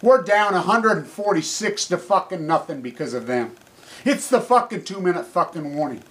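Angry man ranting, swearing constantly, shouting then dropping low; high, piercing voice. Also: animated, normal speed. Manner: furious, profane, shouting, ranting; swings between yelling and low muttering. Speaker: anti-nuclear activist. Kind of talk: angry rant to camera.

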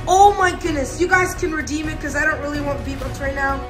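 A woman gaming YouTuber in an excited unboxing vlog, exclaiming and talking straight to her viewers. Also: sits high, brisk, few pauses, music in the background.

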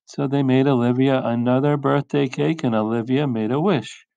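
A male teacher reading a picture book aloud in a slow, expressive storytelling voice. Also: medium pitch, gravelly, dry recording, highs cut off.

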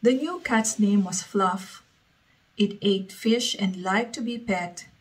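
A woman reading a story aloud as a storyteller, slowly and evenly. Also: mid-range voice, poor audio.

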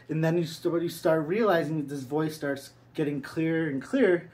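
A man's voice: fairly high pitch, moderate pace, few pauses, a little mellow, slight background noise, low-quality recording. A man talking casually as he leads a listener through an imagined scene, loose and rambling with lots of filler words. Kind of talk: guided visualization in casual chat.

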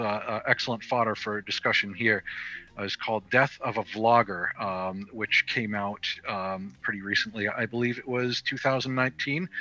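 A man's voice: lowish voice, bright, forceful tone, highs cut off. A man rambling casually about a film over a call, with lots of fillers and restarts. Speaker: podcast guest reviewer. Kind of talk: casual film review chat. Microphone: video call.

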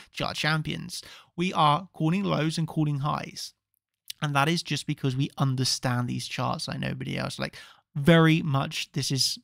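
A man's voice: a little high, creaky, no echo, studio quality. A man hosting a trading video, walking viewers through chart analysis in an emphatic, confident way, repeating key words for effect. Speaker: crypto trading analyst host.

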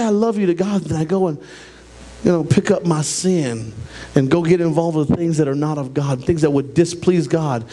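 A middle-aged man preaching a sermon in a church, talking in an animated, conversational way with joking asides. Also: on the high side. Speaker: pastor. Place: church sanctuary.

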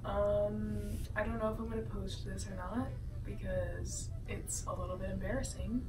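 A woman's voice: mid-range voice, steady tone, normal speed, noisy background. A woman vlogging while she cleans her messy bedroom, joking and talking to her belongings in goofy running commentary, recorded by a camera set across the room. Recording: echoey room, far from mic, music behind.

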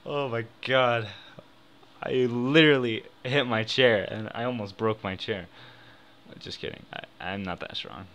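A young man giving casual commentary on a gaming gamble video, excitable and swinging from mumbles to shouts. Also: medium pitch, normal speed. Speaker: gaming YouTuber. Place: home room. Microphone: desk microphone.

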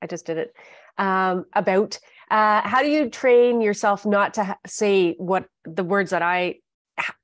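A woman's voice: mid-range voice, a little slow, no echo, studio quality. A woman with a Canadian accent hosting an interview, chatty and digressive, often breaking off mid-sentence to restart her point. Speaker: interview host. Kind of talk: casual interview chat.

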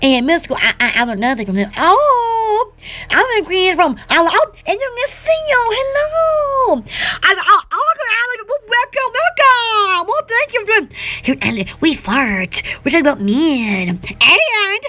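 A young woman from Alabama chatting casually on a live stream, greeting viewers in a scattered, excitable way. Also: very high-pitched, moderate pace. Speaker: channel host.

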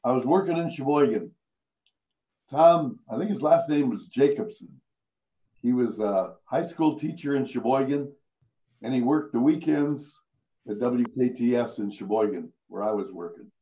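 A man's voice: mid-range voice, moderate pace, low-quality recording. An older man, a veteran radio broadcaster from Iowa, telling anecdotes and chuckling through the funny parts. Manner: chuckling, animated storyteller who laughs through his punchlines. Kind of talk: anecdotal storytelling.

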